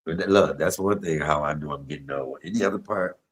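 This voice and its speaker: A man's voice: a bass voice, quick pace, low-quality recording. A middle-aged man, telling stories on a home cooking livestream, chatty and laughing. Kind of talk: casual storytelling while cooking.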